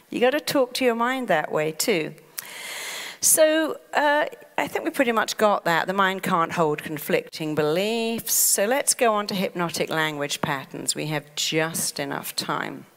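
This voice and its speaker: A middle-aged woman teaches a motivational lesson, her voice carrying a long reverb as if spoken in a large hall. She talks briskly and animatedly, switching into quick, panicky voices to act out what an anxious mind says. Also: medium pitch. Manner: lively, acts out panicked inner voices. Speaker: therapist and speaker. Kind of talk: motivational talk.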